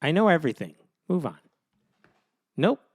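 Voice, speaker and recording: A man hosting a podcast in casual chat, answering with short, dry, deadpan quips. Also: a little high, moderate pace, slightly rough. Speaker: podcast host.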